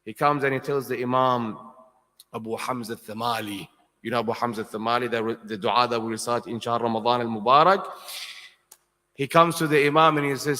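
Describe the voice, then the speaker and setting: A man giving an impassioned sermon at a mourning gathering, swinging from soft to loud and putting questions to his audience. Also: medium pitch, fairly even intonation, a little fast. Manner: asks the audience questions directly. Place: large hall with congregation. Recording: long hall reverb.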